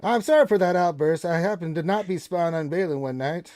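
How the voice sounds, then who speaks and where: A man's voice: a little high, brisk, darkish tone, natural voice. A man voicing a crude, wisecracking male raven who bosses the party around and begs for crackers. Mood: sassy. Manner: brash, cheeky, bossy. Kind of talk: tabletop role-play voicing.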